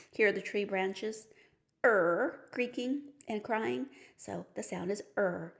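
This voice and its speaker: A woman's voice: mid-range voice, gravelly, darkish tone. A woman teaching a phonics lesson for teachers and parents, patiently explaining each step with playful story cues. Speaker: reading teacher.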